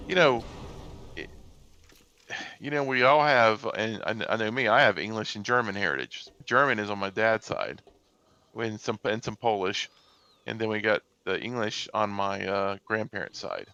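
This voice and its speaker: A man's voice: on the low side, moderate pace, sharp tone, no echo, highs cut off. An American man chatting while gaming, rambling and hesitant with many restarts. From United States. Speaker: gamer. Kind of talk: casual gaming chat over voice comms.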